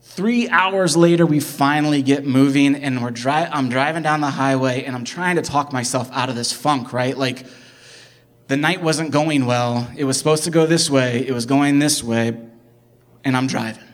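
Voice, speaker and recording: A young man from the Midwest telling a personal story in an animated, excitable way, jumping from loud bursts to hushed asides and filling it with "like". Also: mid-range voice, normal speed. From American Midwest. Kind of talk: personal story told live.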